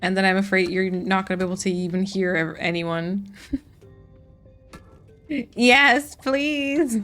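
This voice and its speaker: A woman's voice: medium pitch, a little slow, pauses often, fairly bright tone, soft background music. A woman streaming a farming game, chatting casually with her viewers while she plays. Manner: chatty, reads and answers chat while playing. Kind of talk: casual gaming livestream chat.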